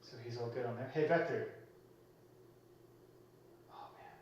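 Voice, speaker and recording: A man on a live stream, chatting casually to viewers as he sets up a small robot, getting excited and talking through every step. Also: medium pitch, measured pace, highs cut off, a little hiss or hum. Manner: excitable, talks to viewers while fiddling with a robot. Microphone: computer mic, second mic added.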